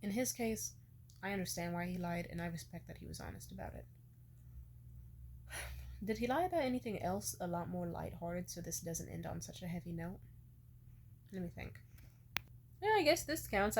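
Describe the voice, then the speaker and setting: A woman's voice: lowish voice, a little hiss or hum. A young woman in her twenties telling a personal story in a casual way, candid and emotional, swearing freely. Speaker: vlogger.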